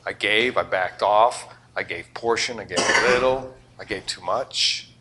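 An older man preaching a sermon, firing questions at the congregation and swinging between loud emphatic lines and quiet asides. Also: lowish voice, a little slow, very noisy. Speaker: pastor.

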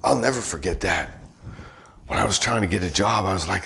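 A man's voice: low voice, a little fast, gravelly, fairly bright tone, a little hiss or hum. A middle-aged man preaching a sermon in a conversational way, firing rhetorical questions at the congregation and tossing in joking asides. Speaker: pastor.

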